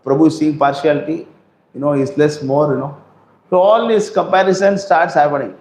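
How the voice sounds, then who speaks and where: A man's voice: a little high, a little fast, darkish tone. A man giving a scripture class, asking rhetorical questions and acting out quotes. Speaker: preacher. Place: temple hall. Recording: roomy hall echo.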